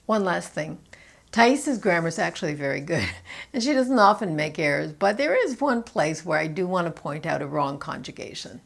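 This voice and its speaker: A woman with a Canadian accent teaching an English pronunciation lesson, explaining clearly and stressing key words. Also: lowish voice, sing-song, normal speed. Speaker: pronunciation coach.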